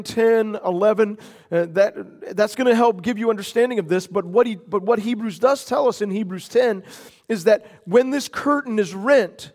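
A man preaching a sermon as pastor, earnest, stretching key words slowly for emphasis. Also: sits high, a little mellow. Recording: long hall reverb.

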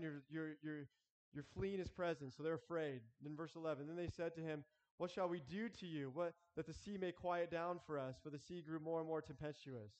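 A man preaching a sermon earnestly, with halting restarts, acting out prayers as he goes. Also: a little high, darkish tone, long reverb tail. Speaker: pastor.

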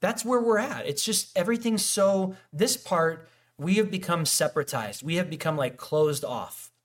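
A man preaching a casual, conversational sermon, animated and acting out little quoted exchanges. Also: on the high side, moderate pace. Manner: animated, acts out quoted dialogue, frequent restarts and fillers. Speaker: pastor.

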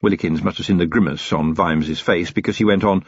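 Husky man narrating an audiobook. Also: low voice, quick pace, hardly any pauses, no room sound, dull audio.

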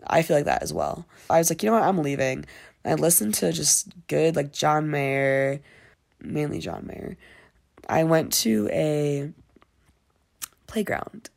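A woman's voice: sits low, creaky, a little mellow. A young woman in casual diary-style chat, rambling with lots of fillers and frequent swearing. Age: young adult. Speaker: vlogger.

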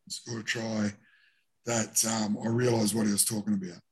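A man's voice: fairly low pitch, flat delivery, a little fast, breathy edge. A middle-aged Australian man, a former rugby league player, telling rambling, self-deprecating stories in a casual interview.

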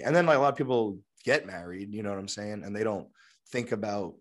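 Rambling man with a sore throat. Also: fast. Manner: rambling, lots of fillers, puts on high voices for quotes. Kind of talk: casual chat.

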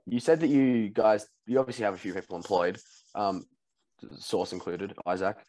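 A young man with an Australian accent, hosting a podcast in casual chat and teasing his friends with quick questions. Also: lowish voice, steady tone, warm tone, poor audio. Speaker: podcast host.

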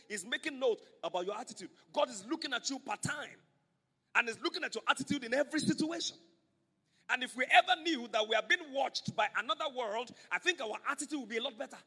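A man's voice: high-pitched, bright, forceful tone, breathy edge, long reverb tail. A man preaching a sermon to his church, emphatic and repetitive, drawing the congregation into call-and-response. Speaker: pastor. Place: church sanctuary.

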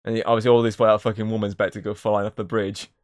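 A man chatting casually on a podcast about a film he saw, retelling scenes with lots of swearing and quick acted-out quotes. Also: lowish voice, level tone. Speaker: podcast co-host.

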